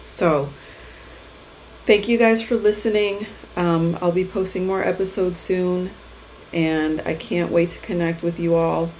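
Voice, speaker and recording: A woman in her thirties hosting a mom podcast, her voice sitting on the lower side. She reads her own heartfelt writing and then talks it through casually, encouraging and emotional. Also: fairly even intonation, measured pace, darkish tone, a little hiss or hum, rough recording. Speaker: podcast host. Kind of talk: reading her blog post aloud, then casual chat.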